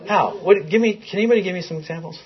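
A man's voice: high-pitched, racing, breathy edge, highs cut off. A man leading an interactive Bible class, asking his listeners questions in a conversational way.

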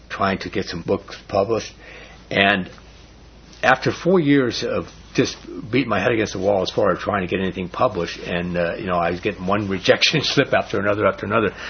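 Husky middle-aged man leading a Bible study. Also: on the low side. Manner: earnest, rambling, with frequent restarts and fillers. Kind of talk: casual Bible study teaching. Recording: dull lo-fi recording.

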